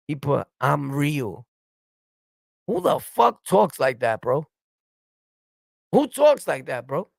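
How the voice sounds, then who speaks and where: A man's voice: fairly high pitch, creaky, no echo. A man from New York City with a New York accent, hosting a stream and delivering blunt, profane, combative commentary. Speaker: streamer host. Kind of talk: ranting reaction commentary.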